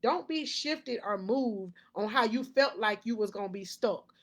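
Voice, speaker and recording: A woman's voice: on the high side, animated, measured pace, few pauses. A woman life coach giving a motivational faith talk to camera, preachy, repeating key lines and laughing often.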